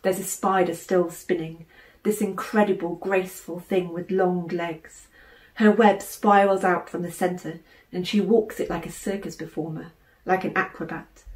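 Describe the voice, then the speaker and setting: A woman, an author, reading her children's novel aloud in measured, expressive narration. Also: on the low side. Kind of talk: audiobook narration. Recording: roomy room echo.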